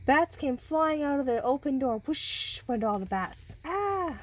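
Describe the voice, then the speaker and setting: A woman's voice: high-pitched, a little slow, poor audio. A woman reading a children's picture book aloud and chatting with the kids who listen. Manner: animated, talks with listening children. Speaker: storybook reader.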